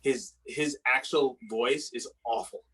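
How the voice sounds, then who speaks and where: A man co-hosting a casual podcast, teasing the others with quick reactions. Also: medium pitch, fairly even intonation, pushed and bright, rough recording. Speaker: podcast co-host. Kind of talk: casual banter.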